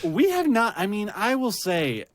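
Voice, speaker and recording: A man's voice: high voice, wildly swooping pitch, unhurried, background noise. A man hosting a casual rewatch podcast, laughing often and rambling through fillers and restarts. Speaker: podcast host.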